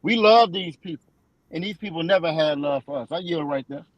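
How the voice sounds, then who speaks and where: A man with a high voice leads a preaching-style scripture discussion. He hammers his points by repeating them and slows right down whenever he reads a verse aloud. The sound is dry and close. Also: no room sound, rough recording. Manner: emphatic and repetitive, restates lines for stress. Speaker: scripture teacher.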